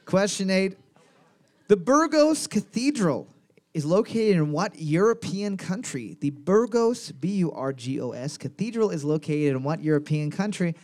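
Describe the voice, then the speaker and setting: A man whose voice sits high, with lively intonation and a darkish tone, hosts a live trivia night for a podcast at a measured pace. He reads the questions, pokes fun at the players, and laughs often.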